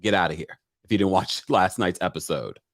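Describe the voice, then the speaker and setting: A man's voice: low-pitched, a little fast. A man hosting a casual livestream recap, chatting animatedly and reading viewer comments aloud into a webcam mic. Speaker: live-stream recap host.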